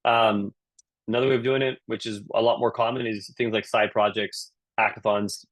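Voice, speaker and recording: A man with a Canadian accent giving a live online career talk, energetic and peppering his points with "right?". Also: lowish voice, normal speed, no room sound. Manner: energetic, frequent "right?" tag questions. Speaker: career speaker at a virtual session.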